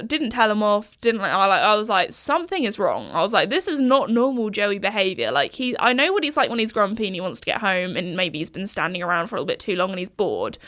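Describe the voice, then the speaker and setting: A young woman hosts a podcast, rambling through a casual chat and laughing a lot. Her voice sits at a medium pitch with a fairly bright tone.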